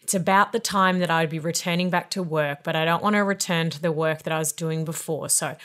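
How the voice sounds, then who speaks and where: A woman's voice: low voice, fairly even intonation, fast, a bit bright. A woman in her thirties hosting a podcast, talking candidly and reflectively about motherhood and work. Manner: candid, reflective, swears casually. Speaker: podcast host. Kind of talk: casual chat.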